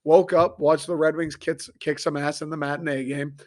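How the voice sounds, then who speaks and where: A young man from Michigan, hoarse and a little raspy, ranting profanely and excitably as he hosts a casual sports talk show. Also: a little high, moderate pace. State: hoarse after a concert. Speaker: sports podcast host.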